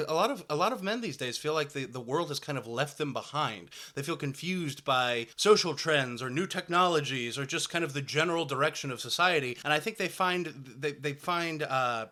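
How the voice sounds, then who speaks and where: A young man from rural Southwest Missouri delivering a rambling comedic monologue, mocking voices and breaking into loud shouted bursts. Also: fairly high pitch.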